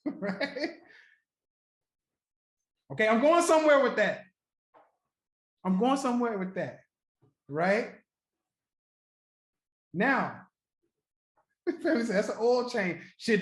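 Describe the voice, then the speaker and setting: A man hosting a trading livestream, chatting casually and profanely with viewers, joking, laughing often and repeating his points slowly. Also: sits high. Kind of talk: casual live-stream chat with viewers. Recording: roomy echo.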